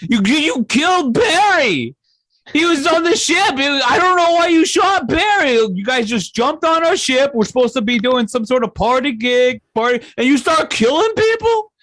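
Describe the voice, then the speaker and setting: A man doing a shrill, flustered skeleton actor. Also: sing-song, moderate pace, a bit bright, no echo, exaggerated voice, rough recording. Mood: indignant panic. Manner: panicky, indignant, yelping.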